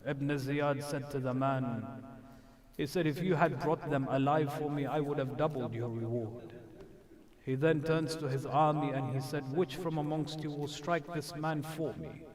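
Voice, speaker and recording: A man's voice: on the high side, fairly even intonation, unhurried, a crowd in the background. A man giving an emotional sermon in a mosque, telling a story with rising intensity when he quotes others, with frequent hesitations. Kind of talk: emotional religious sermon narration.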